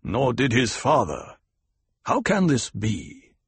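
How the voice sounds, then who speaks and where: A man voicing a tall, stern male desert tribal leader who speaks slowly and with authority, in an audiobook reading. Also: medium pitch, huge pitch swings, husky, dry recording, heavily acted. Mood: measured. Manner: slow, deliberate, authoritative. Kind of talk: audiobook character voice.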